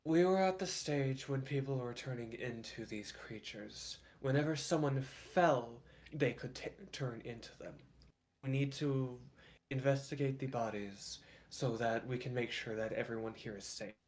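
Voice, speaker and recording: A man voicing an earnest, calm older woman adventurer in a tabletop game, speaking in a measured way. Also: medium pitch, close to an everyday voice.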